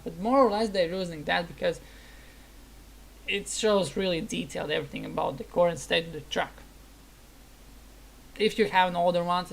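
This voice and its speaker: A woman streams a game and chats to viewers, her voice sitting a little low. She tells rambling stories with frequent fillers, in a loose and casual way. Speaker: gaming streamer. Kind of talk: casual chat while streaming.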